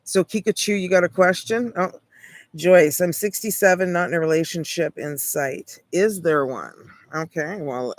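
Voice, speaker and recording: Canadian woman, tarot livestream host, rambling casual chatter, deeper voice for a woman. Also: moderate pace, slight background noise. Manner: chatty, rambling, peppered with "like" and light laughs. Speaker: tarot reader hosting a livestream.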